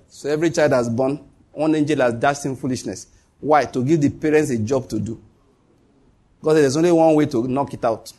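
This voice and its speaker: A man's voice: a little high, mellow. A man preaching a sermon as pastor, emphatic, repeating key lines and dropping joking asides.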